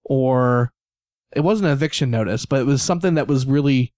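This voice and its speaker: A man's voice: mid-range voice, a little fast, darkish tone, dry recording, clean studio sound. A man co-hosting a podcast, recalling events in a rambling, casual way and searching for words. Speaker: podcast co-host. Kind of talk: casual storytelling chat.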